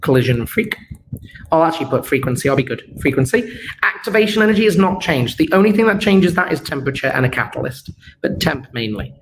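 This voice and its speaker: A man's voice: a little high, animated, quick pace, slight background noise, poor audio. A young man teaching an exam revision lesson, playful and jokey, walking through answers and checking that his students follow along. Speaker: chemistry teacher.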